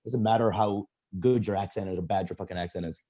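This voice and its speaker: A man's voice: fairly low pitch, steady tone, fast talker, dark tone. A man, a comedian and podcast guest, ranting profanely in a casual chat. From United States.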